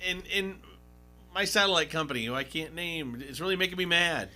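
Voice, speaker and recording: A man's voice: fairly high pitch, brisk, sharp tone, faint music behind. A man co-hosting a local sports talk radio show in an easygoing, casual way. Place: radio studio.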